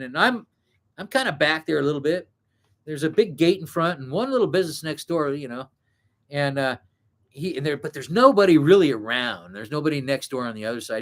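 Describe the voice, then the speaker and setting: Rambling middle-aged man, slightly high voice. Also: animated, moderate pace. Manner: meandering, full of fillers and self-corrections. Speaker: vlogger telling a story. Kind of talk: rambling casual storytelling.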